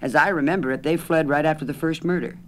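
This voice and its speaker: A man's voice: fairly high pitch, quick pace, a bit bright, pitched above the performer's own voice, natural voice. A man doing a know-it-all American lady. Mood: confident. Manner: insistent, eager, know-it-all. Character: chatty, opinionated American woman, mystery-novel fan.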